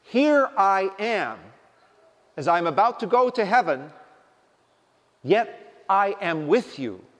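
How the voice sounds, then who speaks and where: A man preaching a sermon, speaking in a deliberate, emphatic way. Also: high voice, very animated, fairly bright tone. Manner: slow, deliberate, emphatic delivery. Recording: long reverb of a large hall.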